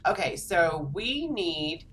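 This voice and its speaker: A woman's voice: fairly low pitch, big pitch swings, slow, a bit bright, a little hiss or hum. A woman streaming a game from home, chatting casually and rambling with lots of fillers. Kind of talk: casual chat while gaming.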